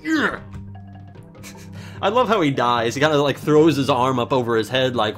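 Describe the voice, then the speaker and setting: A man's voice: mid-range voice, lively intonation, a little slow, long pauses, fairly bright tone, soft background music. A man giving casual, sarcastic commentary while he plays a video game, joking and swearing at it. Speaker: let's play host.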